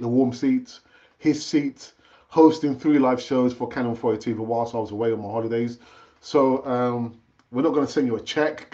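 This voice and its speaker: Chatty, animated man hosting football talk. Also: dull audio. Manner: chatty and animated, pitch jumping up when excited; rambling with frequent fillers and restarts. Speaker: football channel host. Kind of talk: casual live-stream football chat.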